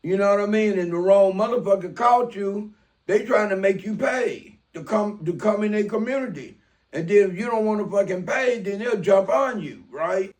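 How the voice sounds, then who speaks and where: This is casual personal storytelling from a Mobile, Alabama man in his sixties, who spins a profane, streetwise street tale and performs the dialogue himself. He speaks at a normal speed in a high-pitched, slightly mellow voice.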